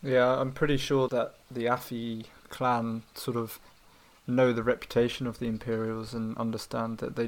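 Male co-host of medium pitch, easygoing and hedging in a book chat. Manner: relaxed, hedging with "sort of". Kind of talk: casual book discussion.

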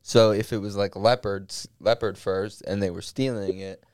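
A man's voice: on the low side, fairly even intonation, normal speed, darkish tone, clear, resonant tone. A man co-hosting a casual podcast, joking and explaining in a loose goofy way. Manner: goofy, tells odd jokes. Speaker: podcast co-host.

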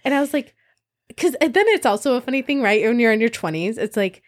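A woman in her twenties chatting casually, telling a story and acting out quotes with lively energy. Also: a little high, fast talker. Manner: animated storyteller, acts out quotes. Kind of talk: casual chat.

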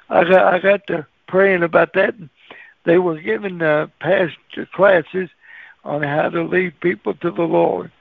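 A folksy male radio preacher telling stories in a high, gravelly voice with a husky edge. The sound is dry and squeezed thin, like a phone line. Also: no echo. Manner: folksy, laughs at his own stories. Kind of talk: storytelling radio sermon.

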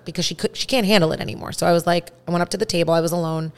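A woman around thirty telling a story in casual podcast chat, animated and full of "like" fillers. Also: lowish voice, racing, gravelly, few pauses, clear, resonant tone. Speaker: podcast host.

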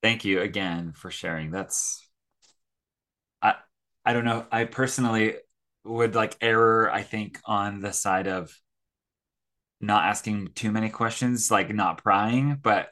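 A man's voice: fairly low pitch, steady tone, slow pace, pauses often, bright, forceful tone. A man hosting a podcast discussion, politely thanking guests and moving the talk along. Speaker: podcast host. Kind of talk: moderating a discussion.

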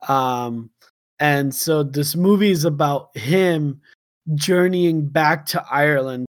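A man co-hosting a podcast, improvising a rambling comic story, laughing often and slipping into quick silly impressions. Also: fairly high pitch, no room sound. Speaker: podcast co-host.

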